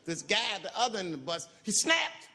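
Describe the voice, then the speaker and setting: A man telling a stand-up story, animated and jumping into high shrieking voices for the people in it. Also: fast. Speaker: stand-up comedian. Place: large hall with live audience. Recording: live hall recording with crowd. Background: audience laughter and crowd noise.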